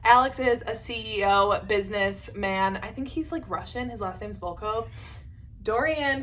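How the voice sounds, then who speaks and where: A young woman in her twenties makes a casual book vlog indoors at home, chatty and gushing, with "like" throughout her sentences. Her voice is medium-pitched and fairly bright, moving at a moderate pace, and a little hiss or hum can be heard.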